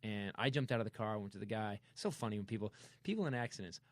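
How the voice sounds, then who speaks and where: Animated male podcast host, dry sound. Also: fairly low pitch, fast, no room sound. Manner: animated, acts out sound effects and quotes. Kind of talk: casual comedic storytelling.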